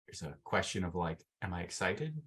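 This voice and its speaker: A man's voice: deep voice, very animated, normal speed, fairly bright tone. A man coaching a group on a video call, talking casually with lots of fillers and acting out inner voices. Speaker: mental fitness coach. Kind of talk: teaching a workshop session on a video call.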